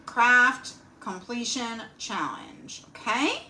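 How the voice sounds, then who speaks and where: A middle-aged woman hosting a casual craft livestream, bubbly and excitable, greeting viewers by name with frequent squeals and laughs. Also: on the high side, drawn-out words. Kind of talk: casual live-stream chat greeting viewers.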